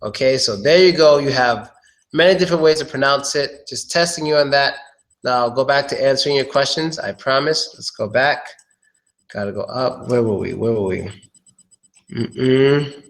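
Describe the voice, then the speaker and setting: A man giving a casual pronunciation lesson, drilling words slowly and chatting between examples. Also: medium pitch. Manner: slow, drawn-out drilling of words, chatty asides. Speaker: pronunciation teacher.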